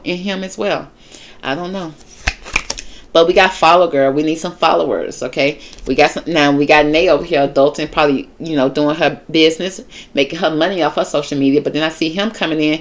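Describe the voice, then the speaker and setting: A woman host giving a casual, chatty tarot reading, talking straight to her viewers in a sassy way. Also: low voice. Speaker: tarot reader and show host.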